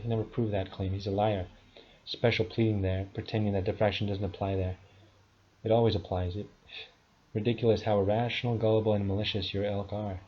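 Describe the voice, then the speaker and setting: A man's voice: lowish voice, slightly rough. A man in his thirties giving a combative, scornful monologue rebuttal, full of insults. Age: 30s. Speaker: video commentator. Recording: dull lo-fi sound.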